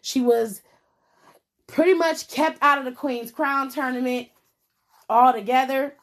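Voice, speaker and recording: A woman's voice: sits high, fairly even intonation, a little slow. Sassy, profane woman vlogger. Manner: blunt, profane and sassy, with laughs. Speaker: wrestling commentary vlogger. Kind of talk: casual unscripted commentary.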